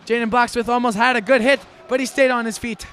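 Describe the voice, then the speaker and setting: A man calling a live hockey game play-by-play, excitable and folksy, shouting during rushes and a bit out of breath. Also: extremely high pitch, slight background noise. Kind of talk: live sports commentary.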